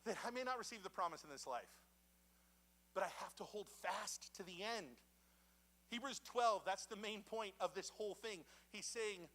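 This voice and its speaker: A young adult man preaching in a church, casual and animated, with dramatic voices for each quote. His voice sits high for a man and sounds bright and forceful. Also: moderate pace. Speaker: pastor. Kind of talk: sermon. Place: church sanctuary.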